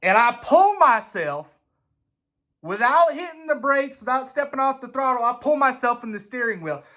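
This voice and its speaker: A man telling a casual, swear-filled story in an animated way. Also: very high voice, moderate pace. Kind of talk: casual anecdote.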